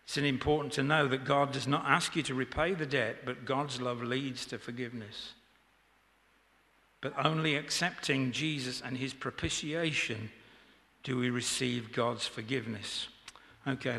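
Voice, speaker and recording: A man's voice: medium pitch, steady tone, measured pace, vocal fry, fairly bright tone. A man preaching an informal sermon in church, chatty and joking with the congregation. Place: church hall. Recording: echoey church hall.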